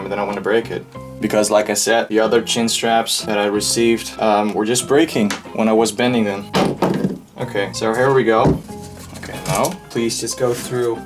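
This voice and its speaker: A man narrating a hands-on restoration in a hot room, muttering, sighing and straining while he works. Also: on the low side. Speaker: vlogger restoring a helmet. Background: background music.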